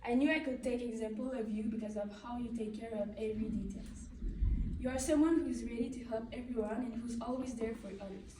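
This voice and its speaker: A woman's voice: fairly high pitch, steady tone, fairly quick, noisy background. A teenage girl reading a heartfelt farewell tribute speech in earnest, with slightly non-native phrasing. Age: late teens. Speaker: student athlete giving a tribute. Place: large echoey hall. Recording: echoey hall, distant mic.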